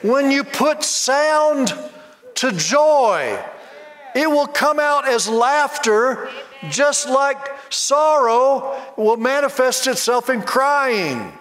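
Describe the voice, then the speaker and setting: A man with a high voice preaches slowly and emphatically to a congregation, repeating his phrases and calling for responses. His voice carries a long reverb through a large hall. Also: animated, fairly bright tone. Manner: leads the congregation in call-and-response and rhythmic mock laughter. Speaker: Bible college teacher preaching. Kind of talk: sermon.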